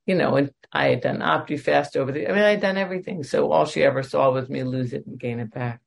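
A woman's voice: sits low, fast talker, creaky, slightly rough. A woman in her forties sharing a candid, emotional personal testimony with self-deprecating humor at a recovery meeting. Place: at home.

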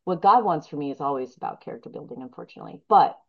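A woman's voice: sits low, lively intonation, very fast. Candid rambling woman on a dull recording. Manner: candid, rambling, self-deprecating, lots of fillers. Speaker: speaker sharing at a recovery meeting. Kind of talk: personal recovery share.

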